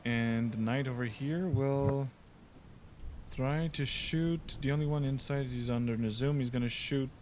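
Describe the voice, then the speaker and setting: A man's voice: mid-range voice, fairly even intonation, measured pace, darkish tone, slight background noise. Chatty male game master. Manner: chatty, laughs often, makes sound effects. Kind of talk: running a tabletop game.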